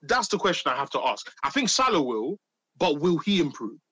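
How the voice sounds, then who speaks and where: A man's voice: on the high side, a little fast, breathy edge, dry recording. A man in casual, teasing football banter with friends. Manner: animated, teasing, slangy. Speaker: podcast co-host.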